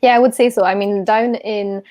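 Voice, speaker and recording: A woman's voice: medium pitch, fairly even intonation, brisk, a little mellow, no echo. A young woman from Sweden with a Swedish accent, chatting casually as a guest and laughing often. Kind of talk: casual chat.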